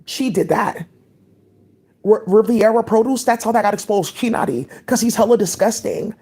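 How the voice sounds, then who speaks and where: A woman's voice: mid-range voice, normal speed, mellow, slightly rough. A woman talking in a rambling, scattered monologue as a vlogger, with many "like" fillers.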